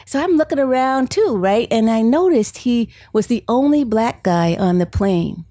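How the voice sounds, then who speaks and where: A woman's voice: fairly high pitch, expressive, moderate pace, mellow, dry recording. A woman author and psychology professor giving a storytelling book talk at a bookstore event, chatty, laughing often and acting out the quotes.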